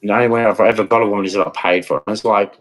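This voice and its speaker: A man's voice: on the low side, fairly even intonation, racing, poor audio. A man ranting bitterly to camera, repeating "man" and "right" as he vents. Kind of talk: angry monologue to camera.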